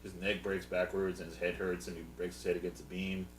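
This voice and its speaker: A man's voice: sits low, flat delivery, a little fast, echoey room, distant mic, slight background noise, poor audio. A man co-hosting a podcast, casually retelling a movie plot with dry jokes. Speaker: podcast co-host. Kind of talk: casual movie recap chat.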